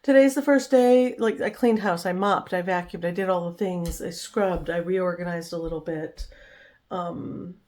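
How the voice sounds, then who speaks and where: A woman chatting casually in a home vlog, relaxed and talkative, sometimes cooing to her dog. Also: lowish voice, normal speed. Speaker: vlogger. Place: home, indoors.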